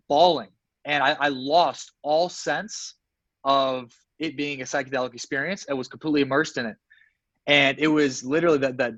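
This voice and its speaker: A man's voice: medium pitch, fairly bright tone, no room sound, highs cut off. A man, a success coach guest in an interview, telling a personal story earnestly, with many fillers and restarts.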